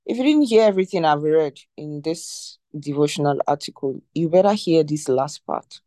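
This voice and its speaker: Emphatic, mellow devotional teacher. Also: medium pitch, animated, normal speed, no echo. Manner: emphatic, repeats key phrases, asks rhetorical questions.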